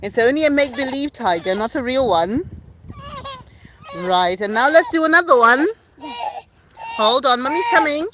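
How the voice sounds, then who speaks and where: A woman's voice: sits high, animated, normal speed, long pauses, fairly bright tone, slight background noise. A woman, a mother, playfully teaching animal words to her small child at home in a sing-song, coaxing way. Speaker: mother and host of a kids' learning video.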